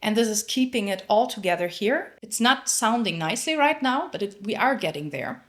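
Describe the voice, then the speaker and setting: A woman's voice: mid-range voice, lively intonation, moderate pace. A woman teaching a singing lesson, explaining technique and breaking into sung demonstrations. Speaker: vocal coach.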